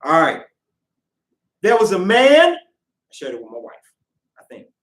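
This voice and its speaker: A man teaching a Sabbath lesson in an unhurried, conversational way, often checking in with his listeners. His voice sits a little high for a man. It echoes around a roomy space, picked up from a distance. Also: huge pitch swings. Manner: conversational, with rhetorical questions to listeners. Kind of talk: lesson with storytelling. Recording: roomy echo, mic at a distance.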